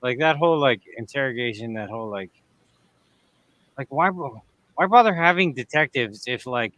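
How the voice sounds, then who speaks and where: A man's voice: medium pitch, lively intonation, moderate pace, fairly bright tone, dry recording. A man co-hosting a casual movie review, making wry, sarcastic comments. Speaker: podcast co-host.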